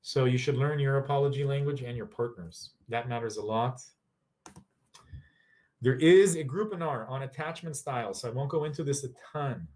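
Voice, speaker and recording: A man's voice: medium pitch, normal speed. A tired man giving a casual online workshop on relationships, talking over a video call and acting out sample dialogues. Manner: lively, acts out sample dialogues.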